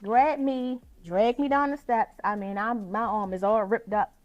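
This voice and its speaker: A young adult woman, a podcast guest, retelling a painful personal story in vivid, animated detail. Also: fairly high pitch, a little slow, muffled recording, faint music behind.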